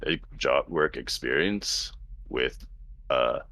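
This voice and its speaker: A man playing a tabletop game with friends, halting and searching for his words as he talks. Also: extremely low pitch, pushed and bright. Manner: hesitant, stumbling over words. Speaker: player. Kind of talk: casual tabletop game chat.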